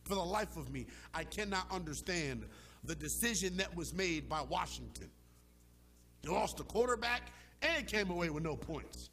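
A man's voice: high-pitched, animated, moderate pace, fairly bright tone, slight background noise. A man hosting a sports talk show, arguing with emphatic, impassioned delivery and casual slang. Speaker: sports radio host.

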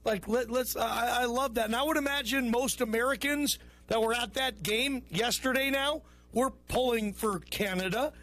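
A man hosts a sports call-in show with a strikingly high voice. He talks loose and chummy, riffing between calls. It has a radio broadcast sound. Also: moderate pace, hardly any pauses, fairly bright tone. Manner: loose, chummy, calls callers bro and brother. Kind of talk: casual call-in radio talk.

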